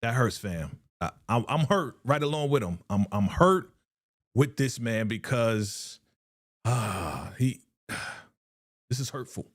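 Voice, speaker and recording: Animated man hosting a reaction stream. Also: mid-range voice, takes it slowly, no echo, studio quality. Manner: animated, slangy, repeats phrases, frequent sighs. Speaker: live-stream reaction host. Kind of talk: casual live reaction chat.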